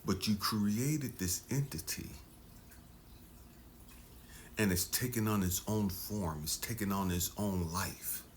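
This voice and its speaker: A man speaking as a life coach in an intense motivational talk, dropping to hushed near-whispers and then surging for emphasis. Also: fairly low pitch, slow, long pauses, slight background noise.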